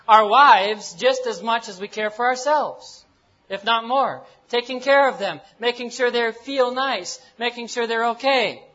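An American man preaches a sermon in a folksy, joking style, using simple words, repeated phrases and Bible readings. His very high-pitched voice is bright and forceful, and the sound is lo-fi.

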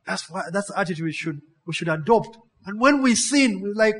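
A male preacher delivers a lively sermon. His voice sits fairly high for a man. He piles up words and keeps drawing his congregation in with quick questions. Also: slightly rough. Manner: animated, call-and-response, piles up synonyms.

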